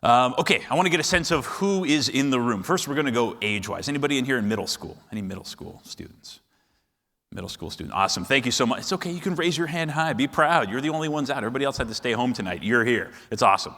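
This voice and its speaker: A man's voice: medium pitch, lively intonation, quick pace, a bit bright. A man giving friendly, upbeat hosting remarks at an event, speaking directly to the audience. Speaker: foundation officer, event host. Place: large event hall with audience. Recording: long hall reverb with crowd.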